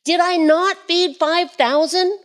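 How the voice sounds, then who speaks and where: A woman voicing an exasperated grown man who scolds his followers in a high, incredulous tone during a sermon. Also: steady tone, slow pace.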